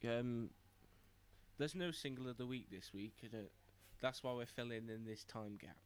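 A young man, co-hosting a podcast in casual chat, laid-back and a bit halting. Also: medium pitch, smooth. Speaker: podcast co-host.

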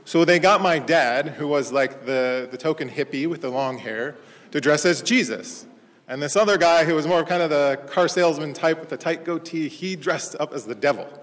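A parish priest gives a sermon in church, talking conversationally and telling stories, growing animated whenever he reaches an anecdote. His voice leans high, his pace is normal, and a long reverb tail trails each phrase.

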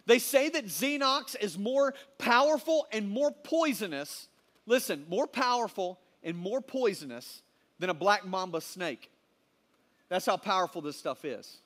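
A man, most likely a youth pastor, preaching a sermon in a casual, animated storytelling style full of slang. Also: extremely high pitch, unhurried.

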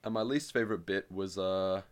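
A young man with a fairly low voice trades dry, deadpan jokes while co-hosting a casual film podcast. He drops his quips in an understated, offhand way. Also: moderate pace. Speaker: podcast co-host. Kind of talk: casual film review chat.

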